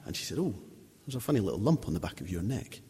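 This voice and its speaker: A man's voice: lowish voice, very animated, fast talker, mellow, husky. A man in his thirties giving an informal sermon, chatty and anecdotal, often restarting his sentences. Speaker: lay preacher. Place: church. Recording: long reverb of a church hall.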